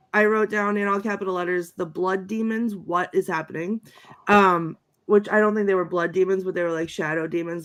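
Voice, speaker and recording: A woman's voice: lowish voice, fairly bright tone. A woman co-hosting a podcast, wryly rambling through her notes on a film in casual chat. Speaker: podcast co-host reviewing a film.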